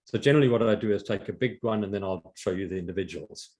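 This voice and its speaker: An older man giving an informal art history slide lecture, halting with many fillers and restarts. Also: on the low side, darkish tone.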